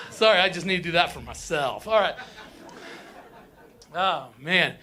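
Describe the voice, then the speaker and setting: A man's voice: fairly high pitch, animated, measured pace, pauses often, pushed and bright. A young man from Colorado doing a crude stand-up comedy set on a theater stage, ranting and mimicking whiny locals.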